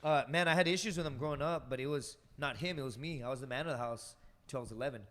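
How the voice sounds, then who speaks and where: Fast-talking profane man telling stories. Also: medium pitch, long reverb tail, crowd noise. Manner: rambling and heavily profane, full of fillers. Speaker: podcast guest, stand-up comic. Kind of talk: casual storytelling on a podcast.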